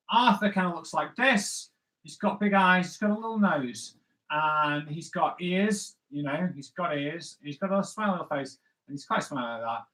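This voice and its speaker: Bright-voiced man drawing live. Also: a little high, rough recording. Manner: playful, thinking aloud while drawing, chatty with viewers. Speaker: comic artist host. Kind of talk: live drawing stream, casual talk.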